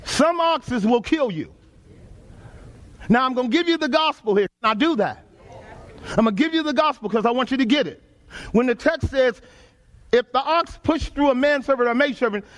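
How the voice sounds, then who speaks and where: A man's voice: very high-pitched, a bit bright. A man from Texas with a Texan accent, preaching a sermon to a congregation in a folksy, emphatic call-and-response style. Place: church sanctuary before a congregation.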